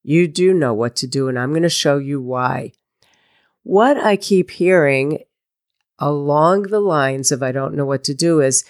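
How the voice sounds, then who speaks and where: Woman podcast coach, low pitch, slow and deliberate, tough-love delivery. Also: darkish tone. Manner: direct, tough-love pep talk with imagined quotes. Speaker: life coach. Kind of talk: solo coaching podcast monologue.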